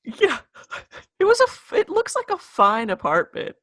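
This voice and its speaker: A woman's voice: high voice, wildly swooping pitch, moderate pace, fairly bright tone. A woman cohosting a podcast in casual chat, making wry asides and agreeing with her cohost.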